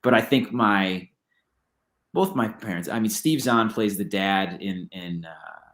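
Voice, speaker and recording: Man, fairly low voice, writer being interviewed, rambling casual talk. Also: measured pace, a bit bright. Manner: rambling, with many restarts and "like". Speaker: writer, podcast guest.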